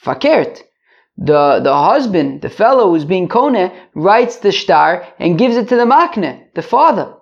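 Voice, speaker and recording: A man's voice: high voice, big pitch swings, unhurried, gravelly, muffled recording. A man giving a daily Talmud lesson, explaining step by step and repeating phrases with rhetorical questions. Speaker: Talmud teacher.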